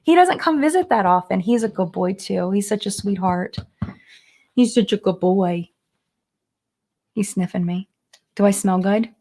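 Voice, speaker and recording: A woman's voice: mid-range voice, unhurried, long pauses, mellow. A woman hosting a casual live-stream chat from home, gushing and chatty with lots of "like", sliding into sing-song baby talk for her dogs.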